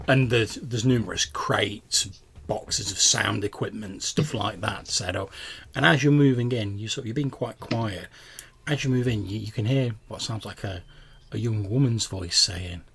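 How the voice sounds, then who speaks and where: A man's voice: on the low side, vocal fry, fairly bright tone, slight background noise. A man narrating as game master for a tabletop role-playing game, hesitant and full of restarts. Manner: halting, filler-heavy narration with many restarts.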